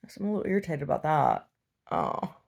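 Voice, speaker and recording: A woman talks in a loose, chatty way, circling back and restarting her sentences as she tells a long story. Her voice sits low and carries a gravelly fry. She hosts and shares everyday stories with her listeners. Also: very animated, a little fast, a little mellow. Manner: chatty, heavy use of fillers and restarts. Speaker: podcast host. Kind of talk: casual rambling storytelling.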